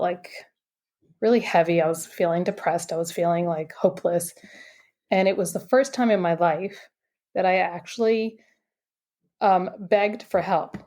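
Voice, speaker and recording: A woman guest on a podcast telling a personal story in an animated, chatty way, full of "like" and "you know". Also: lowish voice. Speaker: podcast guest, intuitive coach.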